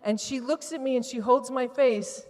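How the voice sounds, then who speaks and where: A woman's voice: high voice, fairly even intonation, normal speed, darkish tone. A woman giving a candid, emotional personal testimony to a live audience from a stage. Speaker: retreat participant giving testimony. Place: large event hall on stage. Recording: long hall reverb from a live venue.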